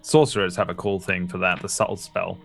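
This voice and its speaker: Low gravelly guy gm-ing a tabletop game, laid back, lots of ums. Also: a little fast, music in the background. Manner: relaxed, loose narration with many fillers. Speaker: game master.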